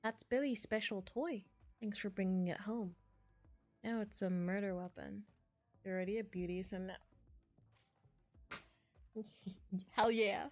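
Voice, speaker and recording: A woman's voice: medium pitch, a little slow, long pauses, faint music behind. Chatty woman streamer reading game dialogue. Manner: reads game dialogue aloud, chatty asides. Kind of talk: casual gameplay commentary.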